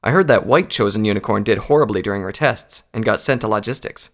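A man's voice: fairly low pitch, fast, fairly bright tone. A man voicing a male pony recruit who is derisive and mocking toward his comrades, in an audiobook reading. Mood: sneering. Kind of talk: audiobook character voice.

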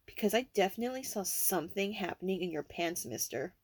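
A young woman in a whispered role-play, talking in a teasing, intimate, breathy way. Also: medium pitch, animated, fairly quick, a little mellow, no echo.

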